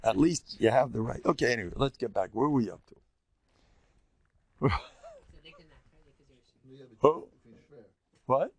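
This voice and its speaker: Older man, rabbi, rambling joking lecture, teasing tone, gravelly. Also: medium pitch, expressive, takes it slowly, pauses often. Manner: rambling, joking, teases his audience. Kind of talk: humorous religious lecture.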